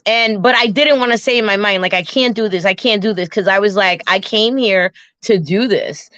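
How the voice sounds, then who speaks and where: A woman casually telling a personal travel story, animated, often restarting and acting out her own and her friend's words. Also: medium pitch, moderate pace, dry recording. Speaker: guest storyteller. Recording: dull, dry lo-fi sound.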